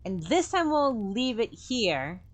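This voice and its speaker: A woman talking through a game playthrough, planning moves out loud in a plain way. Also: a little high, sing-song, slow pace. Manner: thinking aloud, plainly spoken. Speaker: gamer.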